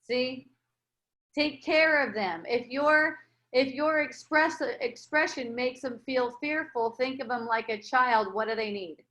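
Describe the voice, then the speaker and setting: A woman leading a casual spiritual dialogue, speaking gently and reassuringly with many restarts. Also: sits high, unhurried. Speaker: spiritual teacher.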